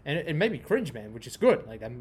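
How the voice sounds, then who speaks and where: A young man with a medium-pitched, sing-song voice and a breathy edge hosts a podcast at a quick pace. His rambling is casual and profane, full of repetition and tangents.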